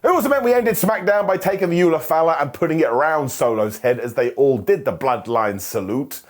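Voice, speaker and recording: A man's voice: a little high, animated, brisk, few pauses. A man giving a jokey, sarcastic recap of a wrestling show, full of mock asides to the wrestlers.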